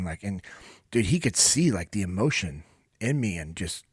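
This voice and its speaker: A man's voice: low-pitched, moderate pace, breathy edge, no echo. American guy hosting a podcast, emotional and earnest, dry close sound. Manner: emotional, earnest storytelling with many fillers. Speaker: podcast host. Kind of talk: casual podcast storytelling.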